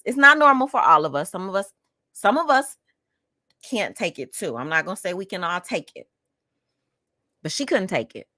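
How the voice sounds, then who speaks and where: A woman podcast host tells a personal story, speaking straight to her listeners in an outspoken, emphatic and heated way. Her voice is on the low side with a sharp tone, captured as a dry, studio-quality recording.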